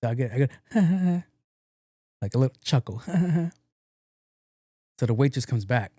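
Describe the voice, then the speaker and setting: A young man hosts his own podcast and spins a funny story in a loose, swearing, lively manner. His voice sits in a medium pitch range. It sounds close to the mic and dry, with almost no room sound. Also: rapid-fire, husky, dry recording. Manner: animated, profane, laughs at his own story. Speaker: podcast host. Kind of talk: casual comedic storytelling monologue.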